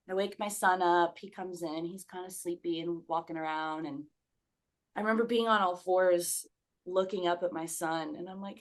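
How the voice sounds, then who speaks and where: Speaking at normal speed in a lowish voice, a woman shares a candid, casual personal story as a podcast guest. She swears freely and acts out her own past remarks.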